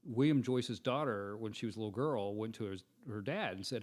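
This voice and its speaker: Expressive man telling a story. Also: fairly low pitch, fairly quick. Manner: expressive storyteller, voice rises for quoted lines. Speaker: guest. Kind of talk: casual chat.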